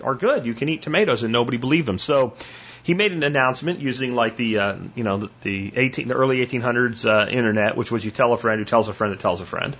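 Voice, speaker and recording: A man's voice: medium pitch, fast, fairly bright tone, breathy edge. A man hosting his own podcast, talking casually in a rambling storytelling way, with restarts and some swearing. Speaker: podcast host. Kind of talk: casual solo monologue. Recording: slightly muffled, lo-fi podcast audio.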